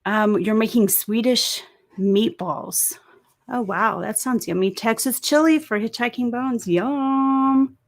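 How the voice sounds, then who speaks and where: A woman's voice: fairly high pitch, a little slow. A woman with a sore throat hosting a casual live stream, chatting and greeting viewers by reading their comments aloud. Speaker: livestream host. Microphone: desk microphone.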